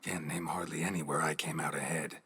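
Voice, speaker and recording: An actor playing a weary, gruff male monster hunter in a video game, speaking tersely with dry, sighing understatement. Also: very deep voice, level tone, fairly quick, sharp tone, heavily acted.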